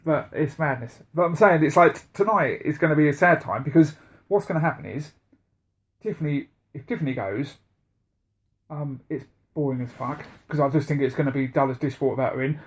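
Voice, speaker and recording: A man co-hosting a casual podcast chat, animated and sweary, laughing often. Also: on the high side, brisk. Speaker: podcast co-host.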